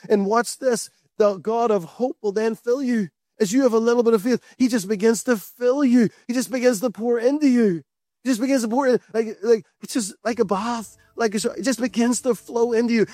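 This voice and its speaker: A man's voice: extremely high pitch, darkish tone, no room sound, studio quality. A man preaching a sermon to a church, earnest and conversational, repeating his key phrases.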